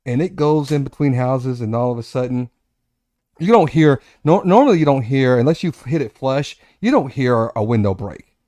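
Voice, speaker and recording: Man rambling through a dark-toned anecdote. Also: mid-range voice, moderate pace, no echo. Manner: rambling, self-correcting anecdotes with animated asides. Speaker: podcast host. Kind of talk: casual storytelling chat.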